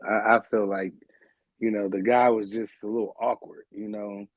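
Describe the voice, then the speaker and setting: A man's voice: fairly low pitch, normal speed, dry recording. Easygoing man on dull lo-fi audio. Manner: relaxed, laughing, lots of "you know". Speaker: podcast host. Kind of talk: casual sports podcast talk.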